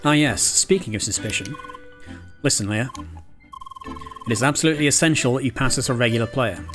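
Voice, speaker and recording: A man voicing a calm, formal guide character who explains things in measured, proper speech. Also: mid-range voice, close to an everyday voice. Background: game music.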